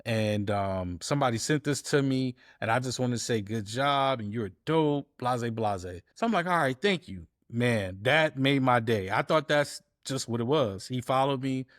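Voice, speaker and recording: Animated storytelling man, dry sound. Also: mid-range voice, moderate pace, hardly any pauses, no echo. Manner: animated storyteller acting out quoted dialogue. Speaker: guest, DJ and editor. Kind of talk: casual storytelling interview.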